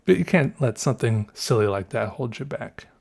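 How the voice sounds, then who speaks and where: Southern US male podcast host, easygoing rambling monologue, mid-pitched voice, thinks aloud and corrects himself. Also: expressive, normal speed, gravelly, a little mellow, slightly rough. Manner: rambling, musing, self-correcting, chuckles often. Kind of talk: casual solo podcast monologue.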